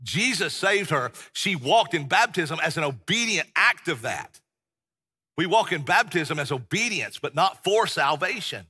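A middle-aged pastor preaches with passion and folksy emphasis. His voice is bright and husky. It carries a long reverb through the church. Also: on the high side, very animated, unhurried. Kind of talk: sermon. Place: church sanctuary.

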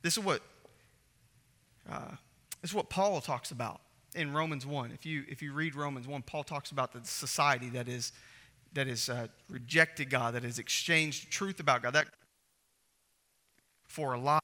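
A man's voice: medium pitch, moderate pace, long pauses, sharp tone. A man preaching a sermon as pastor, emphatic and repeating phrases for stress. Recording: echoey hall reverb.

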